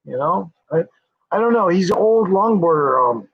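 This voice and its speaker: Guy with kinda high husky voice, rambling n swearing on a live stream, muffled lo-fi audio. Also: slow pace, long pauses. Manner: rambling, swears freely, trails off with fillers. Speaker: livestream host. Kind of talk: casual rambling livestream chat. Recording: dull lo-fi sound.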